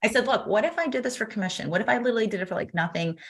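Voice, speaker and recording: A woman guest on an interview show, telling her story in a lively, chatty way and acting out the other people's lines as she goes. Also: fairly high pitch, rapid-fire. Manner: animated, acts out quoted dialogue, laughs often. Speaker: podcast guest.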